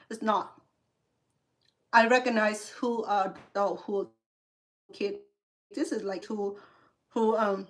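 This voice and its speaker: A woman from Cambodia, an English learner, hosting a cooking livestream and angrily scolding a rude viewer with heated sarcasm. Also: mid-range voice. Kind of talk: angry livestream rant at a viewer.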